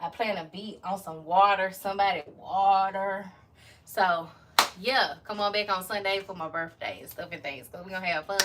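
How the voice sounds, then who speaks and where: A woman, chatting casually to her viewers while she cooks in her home kitchen, folksy and quick to laugh. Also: mid-range voice, heavy background noise. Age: 30s. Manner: chatty, folksy, laughs often, Southern country slang. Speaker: cooking vlogger. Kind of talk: casual cooking chat to viewers.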